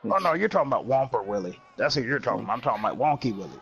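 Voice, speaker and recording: A man doing deadpan, bantering co-commentary over a video game wrestling match. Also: medium pitch, very fast, gravelly. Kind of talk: jokey role-play commentary. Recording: dull lo-fi mic.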